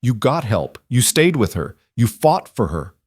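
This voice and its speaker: Kind frontier woman, voiced by a man, gentle but firm, reassuring, raised pitch, dry close sound. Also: very animated, measured pace, breathy edge, dry recording.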